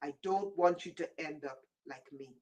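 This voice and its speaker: A woman's voice: sits low, normal speed, darkish tone, far from the mic, lo-fi sound. A woman hosting a livestream, delivering a rambling, intense monologue in a warning tone and answering viewers' chat comments by name. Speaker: livestream host.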